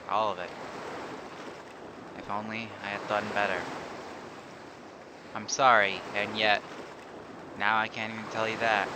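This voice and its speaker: A man reading aloud as a young sea witch girl who blames herself, in a quiet, low, halting lament. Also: background noise, close to an everyday voice. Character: young sea witch girl, grief-stricken and self-blaming. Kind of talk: reading game dialogue aloud. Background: game music.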